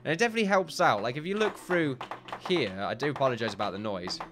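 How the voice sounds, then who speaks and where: A man's voice: medium pitch, lively intonation, fast, music in the background. Chatty man narrating a building game. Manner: chatty, upbeat, laughs at himself. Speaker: gaming YouTuber. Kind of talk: casual let's-play commentary.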